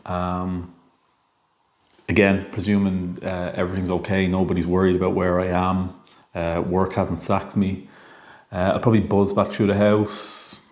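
A man's voice: low voice, little pitch movement, measured pace, a little mellow. Irish man rambling in an echoey room. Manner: hesitant, full of ums, jokey. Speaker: monologue talker. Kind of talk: rambling imaginative monologue.

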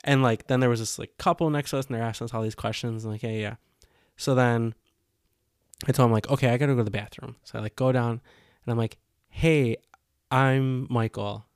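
In a casual podcast chat, a young male co-host speeds through an animated story, acting out each person's lines. His voice sits mid-range, and the studio-quality audio carries no room sound.

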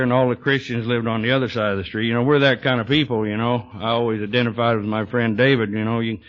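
Drawling man spinning dry yarns. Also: mid-range voice. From Texas. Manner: dry, drawling humor with frequent "you know". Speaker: recovery speaker. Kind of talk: storytelling talk to an audience. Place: meeting hall with audience. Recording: dull lo-fi 1980s tape recording.

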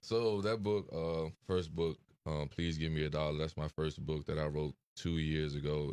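A very deep-voiced young man talks in an interview, slow to find his words and full of fillers. His delivery stays flat and even. The sound is dry and close. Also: clean tone, no echo. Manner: soft-spoken, hesitant, many fillers. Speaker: interview guest. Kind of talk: emotional interview conversation.

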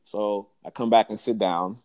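A man with a very deep, low voice spins a story in a relaxed chat. He talks in slang and acts out each person's lines as he goes. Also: moderate pace, no room sound. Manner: animated storyteller, slangy, acts out quoted dialogue.

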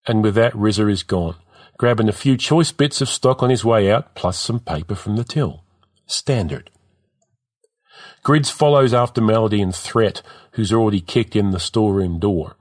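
A man's voice: on the low side, normal speed, no echo, studio quality. A man narrating a story in a vivid, rhythmic reading.

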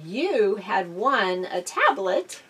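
A middle-aged woman chatting casually as a podcast co-host and spinning little stories with frequent laughs. Her voice sits at an ordinary pitch for a woman. She sounds a little distant from the mic. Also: very animated, takes it slowly, a bit bright, breathy edge. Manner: chatty storyteller, laughs often. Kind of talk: casual chat.

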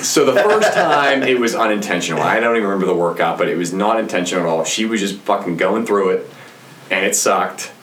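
A man's voice: deep voice, brisk, a little hiss or hum. A man who works as a fitness coach, telling gym stories in casual, profane podcast chat. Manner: profane, animated storyteller. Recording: roomy with faint ambience.

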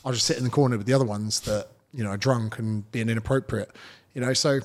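A man's voice: mid-range voice, steady tone, fast talker. A British man, a fitness trainer, telling stories as a guest in a casual podcast interview, blunt and swearing freely.

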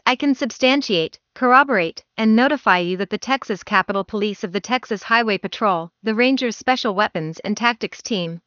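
A woman's voice: mid-range voice, a bit bright, dry recording. Formal woman reporter from Canada, muffled audio. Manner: formal, wordy news delivery. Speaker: field reporter. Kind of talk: scripted news report.

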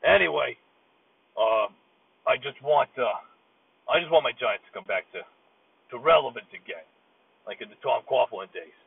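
A gravelly, husky-voiced man from the Bronx rants into a phone from his car in traffic. He rambles, swears and sounds thoroughly exasperated. The recording is a tinny phone voicemail. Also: mid-range voice, lively intonation, moderate pace, long pauses. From Bronx, New York City. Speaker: voicemail caller. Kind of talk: ranting voicemail.

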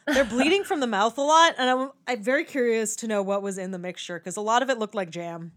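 A young woman with a slightly high voice co-hosts a casual movie chat. She is animated, laughs often and slips into quoted voices as she tells scenes. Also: fairly quick. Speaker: podcast co-host.

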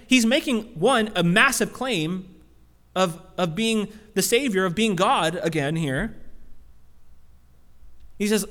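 A man with a high voice preaches a sermon, talking in a loose, conversational way with lots of casual fillers. His voice rings with a long reverb, as in a large hall. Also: expressive, a little slow, pauses often, a bit bright. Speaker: pastor.

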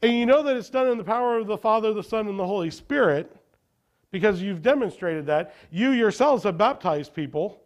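A man's voice: high-pitched, lively intonation, brisk. A man preaching a sermon as a pastor, often asking the congregation questions and answering them himself.

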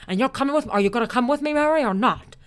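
A woman's voice: high voice, rapid-fire, pitched above the performer's own voice, close to an everyday voice. A woman doing an impression of an eager, dreamy young man from an old film, with an old-fashioned breathless drawl.

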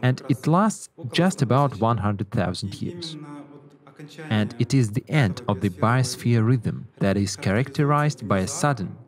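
A man moderating a panel discussion, speaking in a measured, explanatory way. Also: on the low side.

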